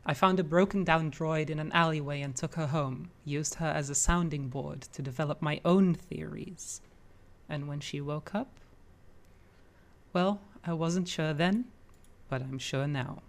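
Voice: medium pitch, natural voice. A grave self-proclaimed prophet, told plainly by a player. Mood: solemn. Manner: plain, measured dramatic monologue in own voice. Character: fallen Jedi prophet of a new light side, grave and driven. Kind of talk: in-character monologue.

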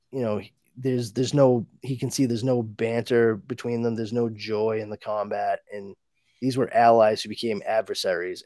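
A man's voice: lowish voice, no room sound, clean studio sound. A man hosting a comic book podcast, retelling the story casually, laughing often and acting out the characters' lines. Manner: animated, laughs often, acts out dialogue.

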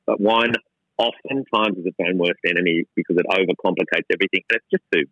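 A man's voice: sits low, fast, a bit bright, dry recording, lo-fi sound. A middle-aged Australian man talking casually and irreverently as an interview guest, mocking himself and restarting often. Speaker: gin company co-founder, guest. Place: gin distillery lab.

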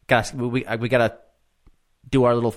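A man's voice: mid-range voice, level tone, brisk. A man hosting a podcast, talking in a laid-back, earnest way and often repeating words. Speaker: podcast host. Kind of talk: casual chat.

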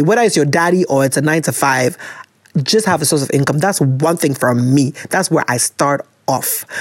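A woman's voice: on the low side, no echo, clean studio sound. A woman hosting a podcast, giving frank, playful advice in a casual chat full of exclamations. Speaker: podcast host answering listener questions.

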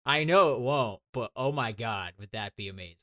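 Excitable man in casual chat, mid voice. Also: mid-range voice, moderate pace, no echo, studio quality. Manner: excitable, laughs a lot, swears casually. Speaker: podcast co-host.

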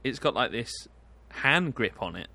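A man's voice: medium pitch, very animated, a little slow, vocal fry, pushed and bright. A British man from Southwest England, chatting casually on a podcast. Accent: British English. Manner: chatty, does joking impressions of accents.

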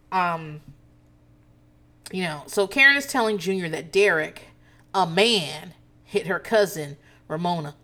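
A woman casually recapping a reality TV episode, animated and profane, laughing often as she talks. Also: mid-range voice. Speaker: TV recap host.

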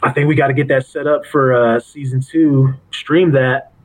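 A man's voice: medium pitch, steady tone, normal speed, low-quality recording. A man co-hosting a podcast, chatting casually and teasing his partner with jokes and silly voices. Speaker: podcast co-host. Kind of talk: casual banter.

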